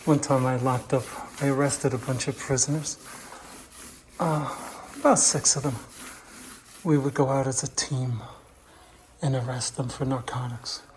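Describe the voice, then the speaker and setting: A middle-aged man installing wallpaper, chatting casually and dropping into hushed asides as he works. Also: mid-range voice, steady tone, measured pace, long pauses, a little hiss or hum. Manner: chatty, drifts into hushed asides while working. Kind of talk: casual how-to chat while working. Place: room being wallpapered.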